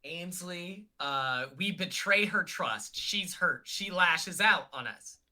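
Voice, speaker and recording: A man's voice: sits high, lively intonation, takes it slowly, sharp tone. A young man rambling in a casual livestream chat with lots of fillers, on a call. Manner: chatty, rambling, many fillers. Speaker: guest.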